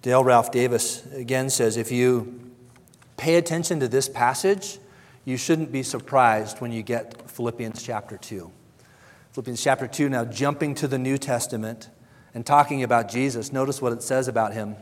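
A man's voice: mid-range voice, normal speed. Preaching man in a reverberant hall. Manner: earnest preaching, acting out quoted voices, repeating words. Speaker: pastor. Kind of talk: sermon.

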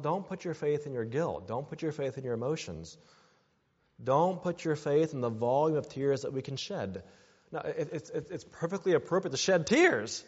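A man's voice: medium pitch, a little mellow. A man preaching a sermon as pastor, earnest and building to emphatic exhortations. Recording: dull sound with long hall reverb.

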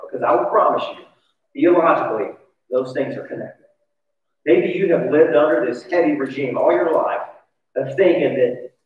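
Male pastor, sermon, conversational and confessional, heard from far off on a dull, muffled recording. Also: a little high. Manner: conversational, confessional, asks the audience questions. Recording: distant, echoey, dull church recording.

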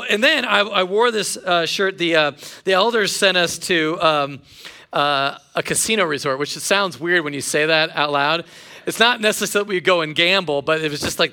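Bright, gravelly-voiced male preacher. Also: a little high. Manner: casual storytelling with self-deprecating humor. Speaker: pastor. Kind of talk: sermon.

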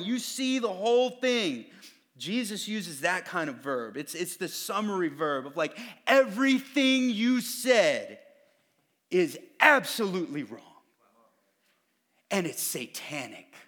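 This is a man's sermon delivered in a high, slightly bright voice. The pastor keeps things relaxed and chatty, frequently performing the voices of the people he quotes.

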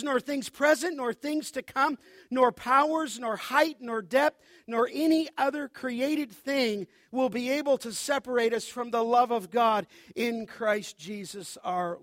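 Man, pastor, emphatic sermon, very high pitch, dry close sound. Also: a bit bright, no echo. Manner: emphatic preaching, quoting scripture.

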